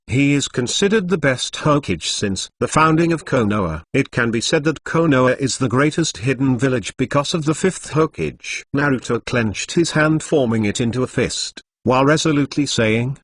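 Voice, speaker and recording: A man's synthetic voice narrating a fan-fiction story in a flat, even read that speaks punctuation aloud. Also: medium pitch, normal speed, no room sound.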